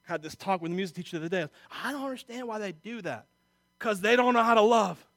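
A middle-aged man preaching a sermon, emotional, moving from quiet confiding talk to loud exhortation. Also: high voice, fast, no echo. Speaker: pastor.

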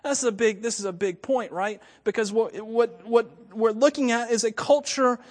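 A man's voice: very high voice, normal speed, long reverb tail. A man from Florida with a slight Southern accent, preaching a sermon in a conversational way with frequent chuckles. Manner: conversational, chuckles often, asides to the audience. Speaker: pastor.

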